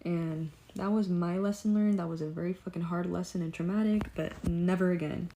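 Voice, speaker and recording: A woman's voice: fairly low pitch, moderate pace, slight background noise. A young woman telling a story in a casual vlog, blunt and profane, acting out quotes as she goes. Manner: blunt, profane, animated retelling with quoted asides. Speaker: vlogger.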